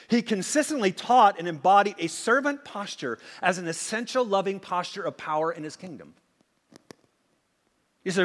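A man preaching a sermon, swinging from emphatic acted-out quotes to hushed asides. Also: on the high side. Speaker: pastor. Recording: long hall reverb.

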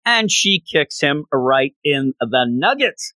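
A man with a somewhat high voice casually recaps an anime episode. He tells it in an animated way, slipping into voices for the characters. The recording is dry and close. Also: takes it slowly, dry recording. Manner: animated storytelling with acted-out quotes. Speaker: anime reviewer.

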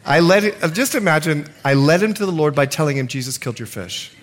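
A middle-aged male pastor delivering a sermon in a fairly high, very lively voice. He tells stories animatedly, laughs at himself, and sinks to a hushed tone when he prays. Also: fast. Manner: animated storytelling, laughs at himself, drops to quiet prayer. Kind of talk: sermon with personal story and prayer.

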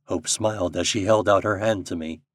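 A man narrating a story aloud as an audiobook reader, in an expressive storytelling manner. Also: low-pitched, a little fast, dry recording, studio quality. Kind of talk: scripted narration.

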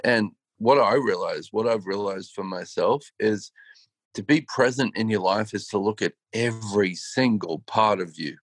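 A man's voice: lowish voice, normal speed, dry recording. A man co-hosting a casual, reflective chat, speaking earnestly and acting out his own thoughts. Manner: reflective, earnest, self-quoting. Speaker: co-host.

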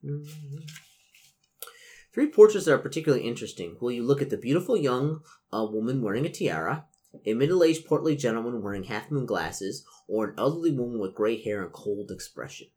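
A man serving as game master who reads a gamebook aloud in a relaxed podcast session and narrates expressively. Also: medium pitch, brisk.

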